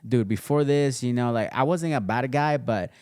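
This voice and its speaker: A man guest on a casual podcast, telling his story in a relaxed way with many fillers and restarts, recorded at his home studio. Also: medium pitch, normal speed, clear, resonant tone, dry recording. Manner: laid-back, storytelling with lots of fillers and restarts. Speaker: podcast guest, custom sneaker entrepreneur.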